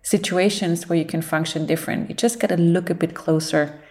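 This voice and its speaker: A woman psychologist giving a motivational talk, playful and expressive, who laughs often and speaks in loose, encouraging phrases. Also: fairly low pitch, brisk.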